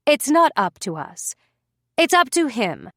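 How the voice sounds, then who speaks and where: In a storybook reading, a woman voices a composed, pointed female writer with crisp delivery. She pitches her voice above her natural one in an exaggerated, very animated way, high and at a measured pace, in a dry studio-quality recording.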